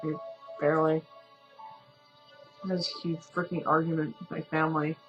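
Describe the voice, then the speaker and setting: A woman's voice: deep voice, level tone, moderate pace, highs cut off, soft background music. Tired woman reading a story game. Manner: chatty, self-correcting. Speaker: game streamer.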